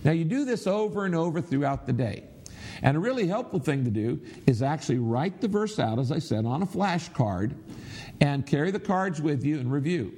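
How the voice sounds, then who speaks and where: Middle-aged preacher guy, kinda raspy voice pitched a bit high, teaching the crowd and getting everyone to say it with him. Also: sing-song, normal speed, warm tone. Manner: instructive, leads the audience in reciting aloud; emphatic, repeats phrases for emphasis. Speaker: pastor. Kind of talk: sermon teaching to a congregation.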